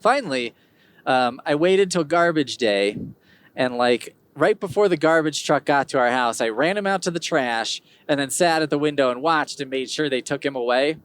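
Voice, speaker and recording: A man hosts his own podcast alone, chatting in a loose, rambling way. He wanders from tangent to tangent with dry, wry humor. His pitch swings widely, rising and dipping as he tells his stories. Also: lively intonation, normal speed, fairly bright tone, clear, resonant tone. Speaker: podcast host. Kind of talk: casual solo podcast monologue.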